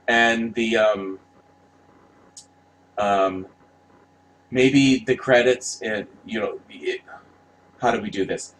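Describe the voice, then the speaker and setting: A man's voice: mid-range voice, a little hiss or hum, rough recording. A man giving casual, rambling commentary, passionate and profane, often restarting his sentences. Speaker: vlogger reviewing movie posters.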